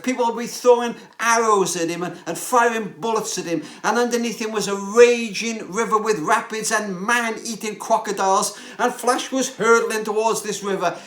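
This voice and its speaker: Older preacher, high voice, echoey. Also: male voice. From Wales. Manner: storytelling, slowing and softening on key words. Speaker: pastor. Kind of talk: sermon. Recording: echoey room.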